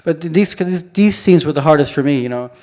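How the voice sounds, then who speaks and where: A man's voice: a little high, a little fast, darkish tone. A man speaking at a conference about his photography, rambling informally with frequent restarts and fillers. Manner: rambling, many restarts and "you know" fillers. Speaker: photographer giving a conference talk. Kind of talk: informal presentation talk. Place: conference hall.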